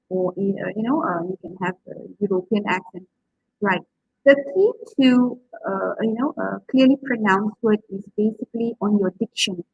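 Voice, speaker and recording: A woman's voice: fairly high pitch, husky, no echo, muffled recording. A woman lecturing on public speaking, who asks her class questions and pads her talk with "okay" and "right". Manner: encouraging, asks questions, many okays and fillers. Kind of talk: interactive online lecture.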